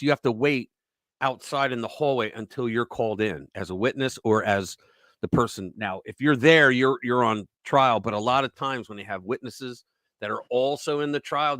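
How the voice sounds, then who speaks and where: A man's voice: medium pitch, a bit bright, dry recording. A man hosting a casual political talk show, retelling a story in a rambling way with restarts and fillers. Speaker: host.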